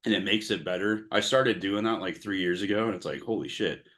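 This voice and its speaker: A man with a very low voice hosts a podcast in a relaxed, casual way. His speech is loose and easygoing, full of filler words. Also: fairly quick. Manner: laid-back, fills his talk with "like". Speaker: podcast host. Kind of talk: casual chat.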